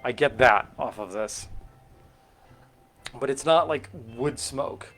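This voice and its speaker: Soft music plays behind this middle-aged man from California's Central Valley as he makes cocktails on a casual live stream. His mid-range voice is slow and a bit bright, and he rambles, thinking aloud with fillers and frequent self-corrections.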